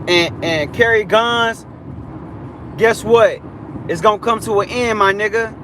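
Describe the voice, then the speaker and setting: High-voiced young man ranting preachily. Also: noisy background. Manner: preachy, repetitive, heated street talk. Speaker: streamer on a live stream. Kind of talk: ranting live-stream monologue.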